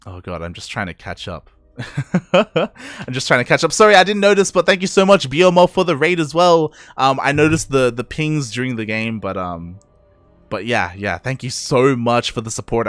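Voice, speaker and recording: Young male caster, Australian accent with a Latin American lilt, tired, casual and loose, mid-pitched. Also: fairly bright tone, no echo. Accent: Australian with Latin American influence. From Australia, Peruvian parents. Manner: rambling, self-correcting, chuckles often. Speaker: esports caster. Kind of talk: casual stream wrap-up chat.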